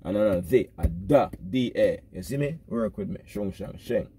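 A man's voice: on the low side, a little fast, slight background noise. A man with a Jamaican accent giving a rambling comic rant as a self-styled pastor, peppering every line with "brother". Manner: repeats "brother" rhythmically, animated and preachy. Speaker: comic vlogger pastor persona.

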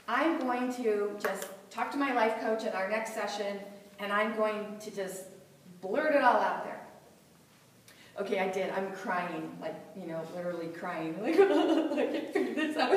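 A middle-aged woman giving a motivational talk to a live audience, animated and laughing often as she acts out inner voices. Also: medium pitch, moderate pace. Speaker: motivational speaker. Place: seminar room with audience. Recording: echoey hall, voice from far off.

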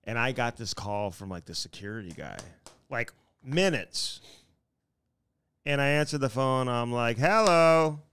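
A man's voice: mid-range voice, unhurried, long pauses, a bit bright, clear, resonant tone. A man co-hosting a podcast in casual banter, teasing his partner and telling rambling stories. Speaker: podcast co-host.

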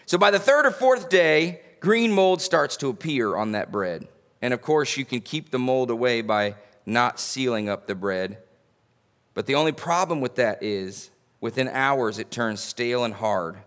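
A man's voice: medium pitch, lively intonation, a little slow, fairly bright tone. A male pastor, preaching a sermon in a folksy, humorous storytelling way. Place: church sanctuary.

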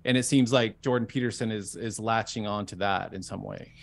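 A man's voice: on the low side, steady tone, brisk, creaky, slight background noise. A man who hosts his own talk show, telling stories in a chatty, conversational way. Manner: storytelling, chatty with restarts. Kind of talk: conversational interview.

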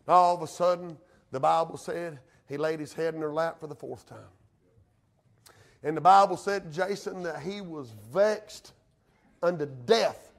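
A man's voice: on the high side, vocal fry. A male pastor, preaching a sermon in a folksy way that rises to fervent emphasis.

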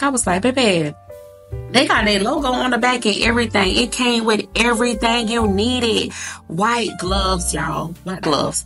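Woman, 30s, casual vlog chat, gravelly fry, echoey home room, faint background music. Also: mid-range voice, a bit bright. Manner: chatty, addresses viewers as y'all and girl. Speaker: vlogger. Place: at home, in a walk-in closet.

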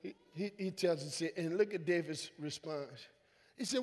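A high-pitched male pastor preaching to his congregation, swinging from soft asides to loud, emphatic calls. He acts out quoted voices in easy vernacular. His voice rings with the long reverb of a church sanctuary. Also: moderate pace. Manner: call-and-response preaching, swelling to loud emphatic lines. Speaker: senior pastor. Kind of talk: preaching a sermon.

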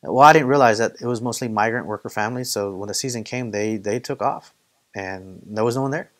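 Speaking fairly quickly in a lowish voice, a man preaches a casual sermon as a pastor leading Bible study. He keeps it conversational, full of stories and quotes he acts out.

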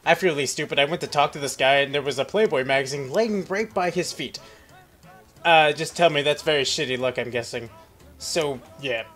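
A man's voice: fairly high pitch, a little fast, a bit bright, soft background music. A man casually commenting over his gameplay, crude and joking. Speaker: let's play host.

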